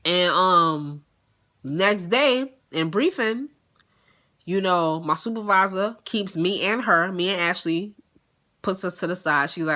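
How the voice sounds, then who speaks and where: Bright-voiced woman telling a profane story. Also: fairly low pitch, slow pace. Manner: animated, profane, acts out other people's lines. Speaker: storytelling vlogger. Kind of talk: casual storytime monologue.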